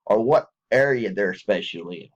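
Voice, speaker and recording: A man talking to his viewers in a rambling spoken apology, folksy and meandering, often stopping to restart, and rising from low mutters to high laughing bursts. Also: lively intonation, moderate pace. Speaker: online video maker. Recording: dull lo-fi home recording.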